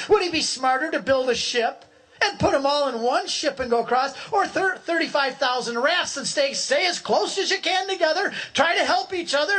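A very high-pitched man in his sixties recounts his conversion as a funny, lively parable, performing voices and shouting at points. He speaks like a preacher, building the parable out at length.

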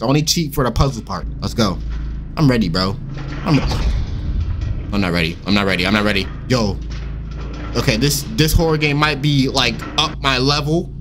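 Lively slangy man playing a horror game. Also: mid-range voice. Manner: animated, slangy, swearing, yelps and shouts when startled. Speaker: gaming YouTuber. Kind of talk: horror game let's-play commentary.

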